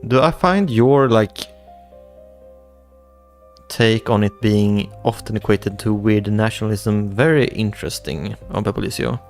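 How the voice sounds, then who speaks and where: A man's voice: fairly low pitch, gravelly, darkish tone. A young man, hosting a casual livestream and reading chat aloud, rambling with repeated words and restarts. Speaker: livestream host. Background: faint background music.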